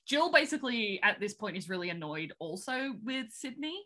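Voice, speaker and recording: A woman's voice: fairly high pitch, big pitch swings, moderate pace, sharp tone. A woman co-hosting a podcast who recaps a film in a chatty, rambling way with lots of fillers and giggles. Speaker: podcast co-host. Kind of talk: casual film recap chat.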